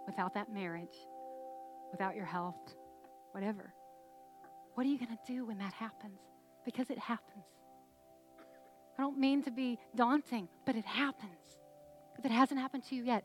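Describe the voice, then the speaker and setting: A middle-aged woman preaching a sermon, telling a family story in a lively, conversational way with quick laughs. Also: high-pitched, faint music behind. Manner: animated, conversational storyteller who laughs while talking.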